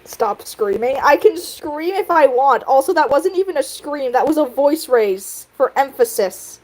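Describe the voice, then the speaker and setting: A woman hosts a casual livestream and talks straight to her chat. Her voice sits high and bounces up and down a lot. She sounds animated and giggles easily. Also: unhurried, low-quality recording. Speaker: livestream host.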